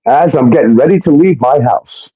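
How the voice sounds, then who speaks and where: A man recounts his story with a lively, swinging delivery, leaning hard on emphasis and the odd curse. The recording is dull and lo-fi, with a dry, close sound. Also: mid-range voice, normal speed, husky, no echo. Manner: emphatic, profane, keeps adding "okay?". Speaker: guest. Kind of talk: casual storytelling.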